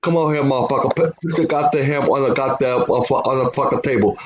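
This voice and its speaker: A man's voice: mid-range voice, quick pace, muffled recording, a little hiss or hum, close to an everyday voice. A man voicing a cursing, menacing New thug. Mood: threatening. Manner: cursing, threatening. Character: menacing, foul-mouthed man threatening with a hammer.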